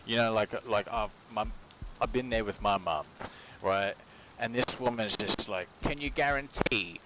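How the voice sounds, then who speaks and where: This Australian speaker has a lowish voice with fairly even intonation and a slightly slow pace. While cooking at home, he rambles through a casual stream chat full of swearing and slang, over noisy audio.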